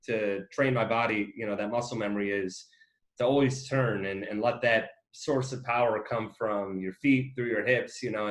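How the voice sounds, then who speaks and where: A man hosting an interview, asking long, wandering questions with many fillers in a friendly, casual way. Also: lowish voice. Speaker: interview host, company co-founder.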